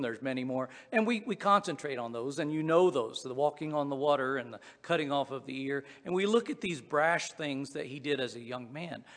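Folksy Southwest Virginia preacher, hall reverb. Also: male voice, a little high. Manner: folksy, conversational with frequent uh and restarts. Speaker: pastor. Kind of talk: sermon.

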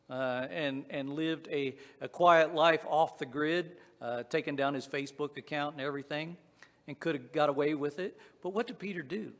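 Southwest Virginia man, fairly high voice, casual preaching style, reverberant hall. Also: a bit bright. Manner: folksy, conversational with frequent uh and restarts. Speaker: pastor. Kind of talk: sermon.

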